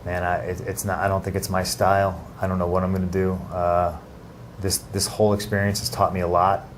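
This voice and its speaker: A man giving an interview in a casual, halting way, with many restarts and fillers. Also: low voice, monotone, a little hiss or hum. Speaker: interview guest.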